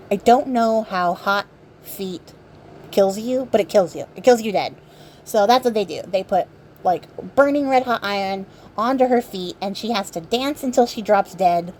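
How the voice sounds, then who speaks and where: A woman vlogger casually retelling a fairy tale, sarcastic and irreverent, swearing freely and filling pauses with ums. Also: medium pitch, a little mellow, a little hiss or hum. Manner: chatty, many ums and likes. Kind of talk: casual storytelling while crafting.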